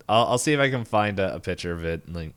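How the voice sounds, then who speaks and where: A man's voice: on the low side, lively intonation, fairly bright tone, clear, resonant tone. A man casually recapping a cartoon episode on a podcast, rambling with fillers. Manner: rambling, lots of fillers, acts out characters' lines in quick voices. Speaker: podcast co-host.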